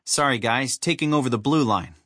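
A man's voice: mid-range voice, a little fast, pushed and bright, no room sound. A man voicing a grumpy, sarcastic male bird hero in a storybook reading. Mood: gruff. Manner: gruff, dry sarcasm.

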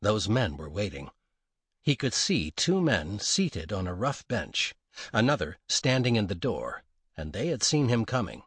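Brief: male audiobook narrator, husky, lively intonation, dry close recording. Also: on the low side, a little slow, no echo. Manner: expressive, dramatic reading. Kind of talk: scripted narration of a western novel.

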